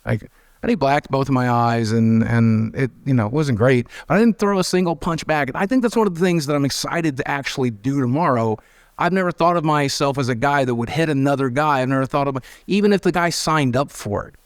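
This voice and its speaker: A little fast and clear, with a resonant mid-range tone, an American man tells candid conversational stories as an interview guest. He acts out quoted voices with animation and a frank, self-deprecating streak; the studio-quality sound has no room noise.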